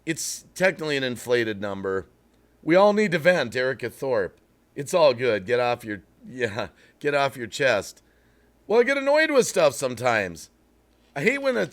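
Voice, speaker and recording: A man hosting a live stream, ranting bluntly to his chat and breaking off to apologize for getting worked up. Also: on the high side. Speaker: livestream host.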